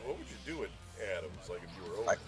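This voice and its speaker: Male co-host chiming in with jokes, lively lilting pitch, music clearly audible behind. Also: racing. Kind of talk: casual chat.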